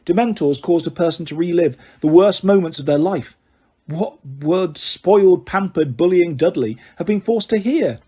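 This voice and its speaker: A man reading a novel aloud in a measured storytelling manner. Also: sits high, lively intonation, warm tone, husky. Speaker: audiobook reader. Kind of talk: novel narration.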